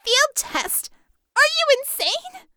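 A woman voicing a feisty young superhero healer who fires off sharp, incredulous exclamations. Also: extremely high pitch, animated, normal speed, no room sound, clean studio sound, pitched above the performer's own voice, heavily acted. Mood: alarmed.

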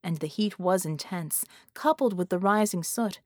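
A woman with a fairly low voice narrates from a script, keeping her audiobook delivery steady and measured. The recording has studio quality and no echo.

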